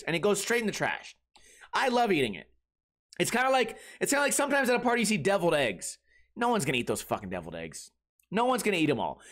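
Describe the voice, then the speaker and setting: A man hosting a comedy podcast, telling rambling, profane stories in a casual, animated way. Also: high-pitched. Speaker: podcast host.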